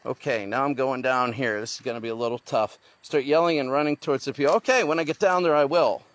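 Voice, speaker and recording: A man's voice: medium pitch, fast. A man vlogging as he hikes through the jungle outdoors, thinking aloud as he goes. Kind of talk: talking to camera while hiking. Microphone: handheld phone.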